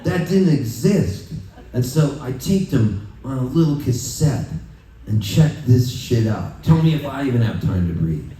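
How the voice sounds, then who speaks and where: A man performing live on stage, a loose, joking storyteller who laughs often and talks between fast patter songs. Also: mid-range voice, big pitch swings, mellow. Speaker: singer-songwriter performing live. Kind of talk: rambling stage banter and fast patter singing. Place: music hall at a festival, live audience. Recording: roomy live hall, heard from a distance, with band music.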